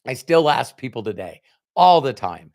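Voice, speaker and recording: A man's voice: medium pitch, normal speed. A middle-aged man, a motivational speaker, telling a personal story to an audience and acting out both sides of a conversation. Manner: animated storyteller, acts out both sides of dialogue.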